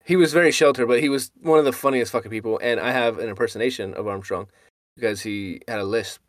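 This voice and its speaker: A man's voice: medium pitch, fast talker, dry recording, studio quality. A young man co-hosting a casual podcast, telling rowdy stories with lots of laughing. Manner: laughing, animated storyteller. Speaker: podcast co-host. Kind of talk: casual chat, storytelling.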